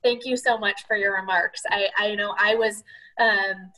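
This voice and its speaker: A woman's voice: medium pitch, steady tone, measured pace, bright, forceful tone, rough recording. A woman moderating an online masterclass, relaying audience questions in a friendly way with fillers.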